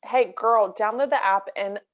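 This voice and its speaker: A woman's voice: medium pitch, moderate pace. A young woman co-hosting a podcast in casual chat, sassy and calling her friend "girl". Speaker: podcast co-host. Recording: slightly dull lo-fi sound.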